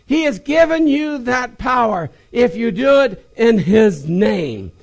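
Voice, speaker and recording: High-voiced, lively man preaching. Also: takes it slowly, vocal fry, hardly any pauses. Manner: call-and-response, exclaims and repeats phrases. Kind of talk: sermon.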